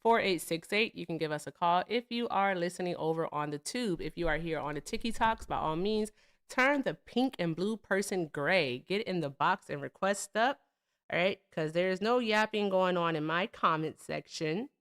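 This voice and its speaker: A woman in her thirties hosting a live call-in stream, chatting casually and bluntly, swearing freely and giving viewers shout-outs. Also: on the low side, normal speed, clean tone.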